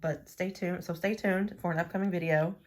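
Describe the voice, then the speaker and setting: A playful woman chats casually to her viewers, thinking aloud as she works. Her voice sits low. A faint hiss runs behind her. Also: steady tone, brisk. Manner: chatty, playful, talks to herself while working. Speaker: nail art vlogger. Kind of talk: casual chat to camera.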